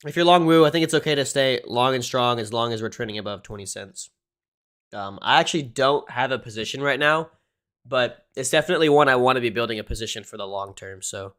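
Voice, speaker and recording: A young man talks loosely and conversationally on his livestream, dropping curse words and filler as he goes. His voice sits at an ordinary middle pitch. He runs through trading charts like he's chatting with friends. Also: a bit bright. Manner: casual, swears often, says "dude" and "um" a lot. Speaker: crypto livestream host. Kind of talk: casual livestream chart analysis.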